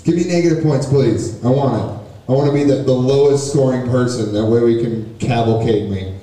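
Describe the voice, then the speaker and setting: A man doing a brash, crude open-mic stand-up set, talking loudly and riffing fast. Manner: brash, loud, crude, rapid riffs. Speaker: stand-up comic. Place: small comedy venue. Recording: echoey room, distant mic, low noise.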